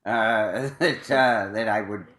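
A man's voice: on the low side, slow pace, fairly bright tone. A man hosting a casual chat, rambling and joking at his own expense, with lots of fillers and laughs. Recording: echoey room.

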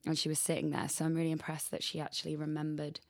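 Young female radio host, casual and rambling, low gravelly voice, dry studio sound. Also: completely flat delivery, fast, no echo. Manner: rambling, frequent "like" and swearing. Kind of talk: casual chat.

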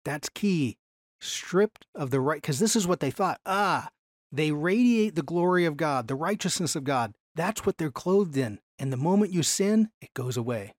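A fairly high-voiced man leads a Bible class using slides, staying animated and frequently slowing down to stress important phrases. The recording is dry and close-miked, with little sense of the room.

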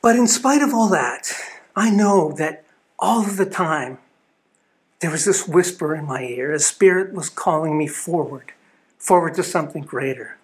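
A man's voice: on the high side, expressive, measured pace. A man giving an earnest, storytelling sermon at a spiritual living center. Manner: earnest storytelling with small restarts.

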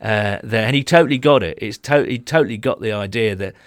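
A man's voice: fairly low pitch, fairly quick, no echo, studio quality. A man co-hosting a casual sports chat podcast, rambling and laughing easily as he tells stories. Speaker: podcast co-host. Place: small home room.

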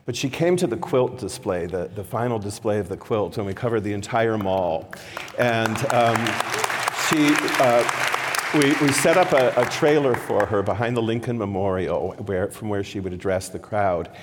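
Man, interviewer, slightly low voice, lively storyteller, reverberant hall with a faint hum. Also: moderate pace, some chatter behind. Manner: lively anecdotes, laughing. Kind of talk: storytelling conversation on stage. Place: event hall before an audience.

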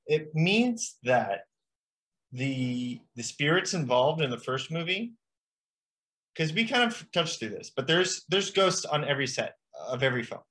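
A man's voice: a little high, lively intonation, measured pace, a bit bright. A young man co-hosting a comedy podcast, explaining nonsense like a mock expert with rambling, filler-laden speech. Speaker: podcast co-host. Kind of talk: improvised comedy podcast chat.

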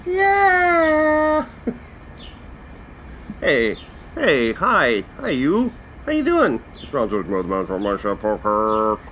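A man's voice: lowish voice, takes it slowly, long pauses. Dude ranting and swearing on his podcast, faint noise behind. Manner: profane, animated ranting. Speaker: podcast host. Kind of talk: casual comedic podcast rant.

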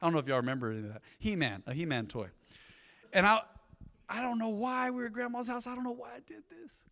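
A male pastor tells stories from the pulpit in a folksy, talkative way. His voice sits a bit high and swings between hushed asides and loud outbursts. A long reverb from the church hall trails every phrase. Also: lively intonation, fast, vocal fry. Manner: folksy storytelling with sudden loud bursts and soft asides. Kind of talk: sermon. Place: church sanctuary.

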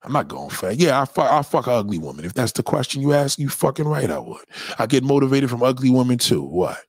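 Profane, animated man ranting on a livestream. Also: fast talker, slightly rough, no echo, studio quality. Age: middle-aged. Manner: blunt, profane, animated, swings high and low in pitch. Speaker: livestreamer answering viewer questions. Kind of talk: crude casual rant.

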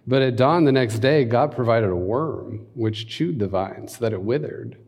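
A man's voice: medium pitch, normal speed, darkish tone, breathy edge. A man preaching and reading scripture aloud, breaking in with conversational asides and leading a prayer. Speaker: pastor. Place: church hall. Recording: long hall reverb.

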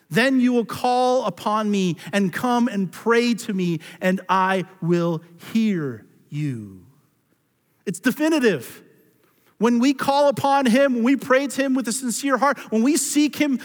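A man preaching a sermon as pastor, reading scripture aloud with earnest, swelling emphasis. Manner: earnest preaching, reads scripture aloud, rises and falls in pitch. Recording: long hall reverb.

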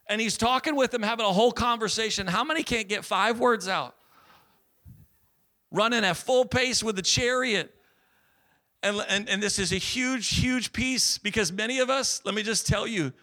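High-voiced man preaching with bright energy. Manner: energetic preaching, rising to loud exhortation and dropping to soft earnest tones. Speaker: pastor. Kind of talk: sermon. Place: church sanctuary.

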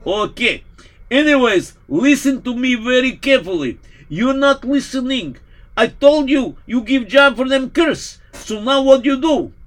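A man playing an excitable priest who speaks broken English, in a live told story. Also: a little slow, full character voice. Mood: scolding. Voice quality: broken English, high-strung. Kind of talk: live storytelling role-play.

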